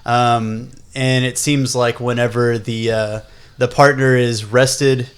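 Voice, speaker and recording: A man co-hosting a casual podcast, his pitch sitting in the middle range. He rambles through episode recaps, correcting himself as he goes and laughing often. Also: level tone, slow pace, clear, resonant tone. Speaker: podcast co-host.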